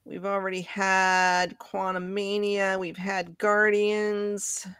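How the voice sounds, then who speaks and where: Female co-host, bright tense tone, offhand chat, dry close mic. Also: mid-range voice, level tone, slow, smooth, no echo. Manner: chatty, offhand, thinks out loud. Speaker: podcast co-host. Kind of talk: casual live chat.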